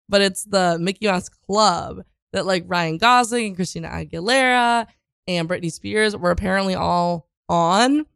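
A woman chatting through the week's news in a blunt, rambling way, her voice gravelly with fry. The sound is dry and close, with no room around it. She swears freely and drifts between points. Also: medium pitch, fairly bright tone, dry recording. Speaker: vlogger recapping the news. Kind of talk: casual opinionated news chat.

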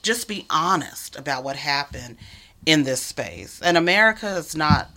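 A woman speaks earnestly in a relaxed conversation, her voice carrying a gravelly texture. Her tone is bright, and she leans into her points with emphasis. On tender lines she sinks to a near whisper. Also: low-pitched, normal speed. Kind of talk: conversational storytelling.

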